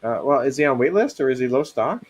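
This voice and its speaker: A man's voice: mid-range voice, lively intonation, quick pace. Easygoing mid-voiced man chatting. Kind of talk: casual group chat about collectibles.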